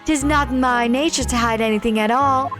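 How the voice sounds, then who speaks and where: A woman voicing a shifty male witness in a put-on Southern drawl, speaking slowly and folksily. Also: high voice, over music, close to an everyday voice. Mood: folksy, evasive. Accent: put-on American Southern. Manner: slow, drawn-out folksy speech.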